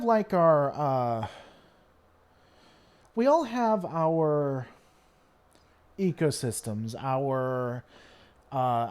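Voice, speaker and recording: Live-streaming man, slightly higher voice. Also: a little mellow. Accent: mild Southern American twang at times. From Tennessee, American South. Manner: rambling, many fillers and restarts, talks to chat. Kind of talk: casual live-stream chat reading viewer comments.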